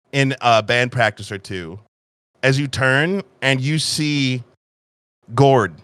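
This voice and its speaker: A man narrating a tabletop game in a loose, casual way, swearing freely. He talks slowly, and his bright voice sounds close and dry. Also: medium pitch, clear, resonant tone, no echo. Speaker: game master.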